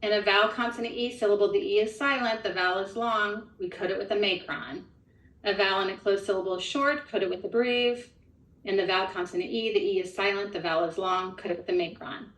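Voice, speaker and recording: A woman's voice: mid-range voice, steady tone, fast, fairly bright tone, distant mic. A woman trainer modeling a phonics lesson, explaining each step methodically. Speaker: literacy trainer. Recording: echoey room from off-mic.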